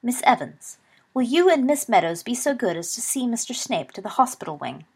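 A woman voicing a stern older female professor with a Scottish accent, sharp and commanding in a storybook reading. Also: fairly high pitch, very animated, a little fast, husky, voice pushed up, heavily acted. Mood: curt.

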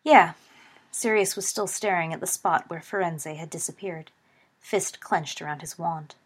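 Woman narrating a storybook, low husky voice, steady pace. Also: normal speed.

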